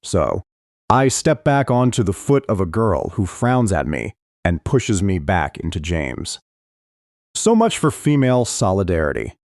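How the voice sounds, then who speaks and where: A man reading a first-person thriller audiobook with expressive, tense storytelling. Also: low-pitched, unhurried, dry recording, clean studio sound. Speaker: audiobook narrator.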